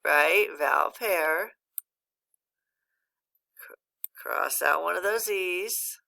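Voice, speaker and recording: A woman teaching a phonics lesson, patient and encouraging, pausing for answers as if students were replying. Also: fairly low pitch, vocal fry, sharp tone.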